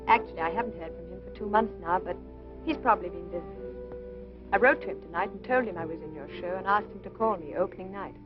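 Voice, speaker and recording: Actress doing a soft-spoken young woman, old movie sound, music playing under. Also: lowish voice, fast talker, dull audio, close to an everyday voice. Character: young woman, daughter of a publican, earnest.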